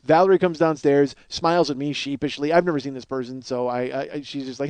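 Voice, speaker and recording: A man hosting a comedy podcast, telling a story in an animated, profane, rambling way. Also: fairly high pitch, fast talker, few pauses, smooth, no echo. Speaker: podcast host.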